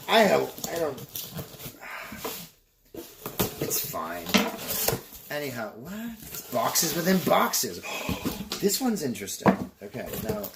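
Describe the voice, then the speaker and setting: A man's voice: mid-range voice, creaky, very noisy. A young man from Canada opening boxes in a casual vlog, rambling and swearing and getting sidetracked. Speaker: vlogger.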